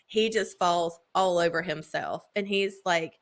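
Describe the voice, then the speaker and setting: A woman's voice: mid-range voice, steady tone, normal speed, few pauses. A woman in casual chat, gushing as she retells a book's plot with lots of filler words. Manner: gushing book recap full of "like" fillers.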